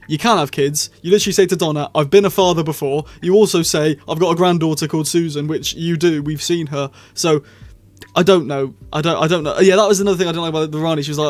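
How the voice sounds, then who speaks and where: A man with a fairly high voice talks through his opinions in a loose, rambling way. He restarts sentences often and laughs now and then between points. It sounds like a casual spoken review. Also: steady tone, fast talker. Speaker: show reviewer.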